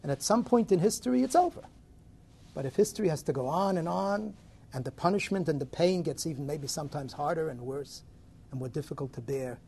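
A man giving a Torah lecture, dramatic and animated, swinging between loud rises and soft drops. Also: sits high, vocal fry, breathy edge. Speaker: Torah teacher.

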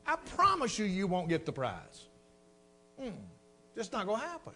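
A man's voice: sits high, wildly swooping pitch, normal speed, pushed and bright, soft background music. A middle-aged man preaching a sermon, telling a folksy personal story and addressing the congregation as folks.

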